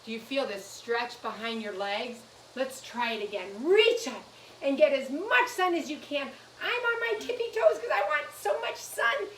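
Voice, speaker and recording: A woman teaching a yoga class to young children, gentle and playful, coaxing them through poses. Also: fairly high pitch, a little hiss or hum. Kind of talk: guided kids' yoga lesson. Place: room in a nursery school. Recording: echoey room, mic at a distance.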